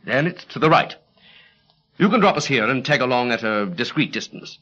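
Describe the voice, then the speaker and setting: An actor playing a plucky British special agent, in clipped, breezy 1940s radio-drama style. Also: male voice, mid-range voice, lively intonation, normal speed, pushed and bright. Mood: brisk. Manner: clipped, breezy upper-class British banter. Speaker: lead character in radio drama. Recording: dull lo-fi vintage radio recording.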